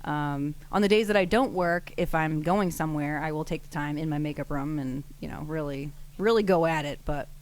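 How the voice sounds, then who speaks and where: A woman's voice: deep voice, fairly quick, hardly any pauses, a little mellow. A woman, a nurse, talking casually and chattily, laughing easily. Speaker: nurse and guest. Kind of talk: casual conversation.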